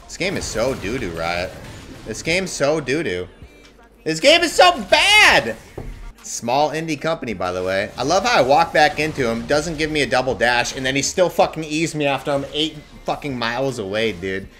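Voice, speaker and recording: A man streaming a game, ranting and swearing at other players, swinging from low mutters to shouted outbursts. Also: expressive, brisk, faint music behind. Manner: tilted, swearing, ranting at teammates and enemies. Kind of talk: live gameplay commentary.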